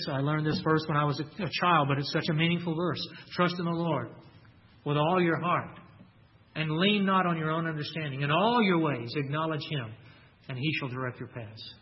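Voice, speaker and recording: A man's voice: fairly high pitch, muffled recording. A man preaching a sermon in an earnest way, repeating key phrases and quoting scripture. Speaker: pastor.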